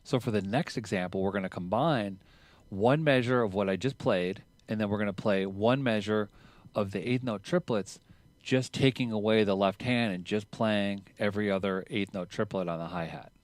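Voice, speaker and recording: Casual low-voiced male drum teacher. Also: normal speed, no echo. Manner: counts triplets out loud over drumming, louder while counting; casual and chatty, with fillers. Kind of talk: relaxed instructional talk.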